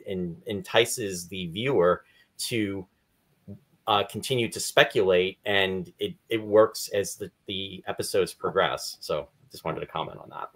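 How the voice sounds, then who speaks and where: A man's voice: deep voice, a bit bright. A man hosting a casual interview chat, rambling and apologetic, with a voice he says is going. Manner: rambling, apologetic, restarts often. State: losing his voice, clearing throat. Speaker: podcast host.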